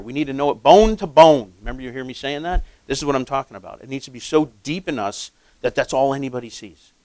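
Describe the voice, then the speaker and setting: A man preaching a sermon in a conversational way, asking his listeners questions and growing loud and emphatic on key points. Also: medium pitch, dry recording, poor audio. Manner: conversational, asks the audience questions; grows emphatic and loud when stressing points.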